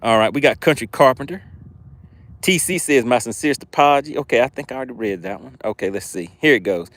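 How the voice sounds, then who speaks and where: A man's voice: mid-range voice, fairly bright tone, dry recording. Playful man hosting a fishing livestream. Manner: playful, teasing banter with viewers. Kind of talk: live fishing stream, reading chat aloud. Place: outdoors by the water.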